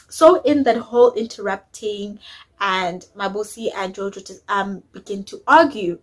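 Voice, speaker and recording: A woman's voice: medium pitch, normal speed, low-quality recording. A woman, chatting opinionatedly as she recaps a reality show episode, dropping in isiZulu words. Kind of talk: casual recap chat.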